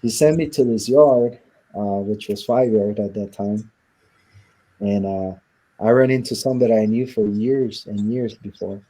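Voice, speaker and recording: Husky, dark-voiced man telling his story. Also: on the low side, unhurried. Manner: recounts events by acting out quoted dialogue. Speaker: interview guest. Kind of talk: storytelling in a sit-down interview.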